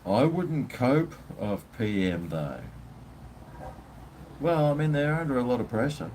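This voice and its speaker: A man's voice: mid-range voice, big pitch swings, a little slow, darkish tone, slight background noise. A man with an Australian accent, ranting bluntly and swearing as he chats casually with viewers on his livestream. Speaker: live stream host.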